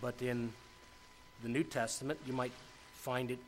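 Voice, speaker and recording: A middle-aged man preaching a sermon as pastor, often restarting his words and growing animated. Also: medium pitch, moderate pace, a little hiss or hum.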